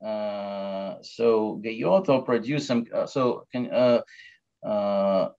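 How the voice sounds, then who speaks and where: A lower-pitched man delivering an academic lecture, feeling his way through each point with frequent fillers and false starts. The recording is dull and lo-fi. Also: dark tone. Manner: halting, many fillers and restarts. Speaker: mathematics lecturer. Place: lecture hall.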